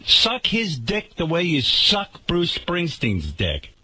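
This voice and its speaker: A husky-voiced man rants on his radio talk show, sarcastic and indignant. His pitch swings widely as he talks, and his tone stays forceful and sharp throughout. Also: huge pitch swings, slow pace.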